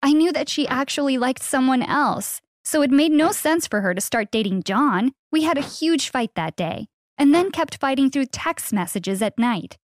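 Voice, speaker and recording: A young woman telling a first-person story in an earnest, steady read. Her voice sits fairly high, and the recording is very dry and close with no room sound. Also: moderate pace, no echo. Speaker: narrator.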